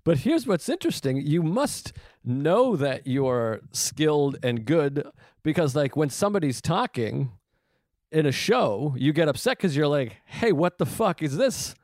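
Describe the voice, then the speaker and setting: A man's voice: a little high, very animated, darkish tone, no echo, clean studio sound. A man who is a comedian in a casual chat, speaking frankly and confessionally, swearing often and mixing jokes into his points. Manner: frank, profane, confessional and quick to joke.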